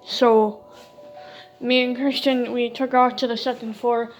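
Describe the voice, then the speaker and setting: A woman with a fairly high voice tells a creepy story in an easy, unhurried way. She curses freely and keeps quoting what each person said. Soft music plays faintly underneath. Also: flat delivery, rough recording. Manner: casual, swears freely, retells talk with "I'm like". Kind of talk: casual spoken true-story telling.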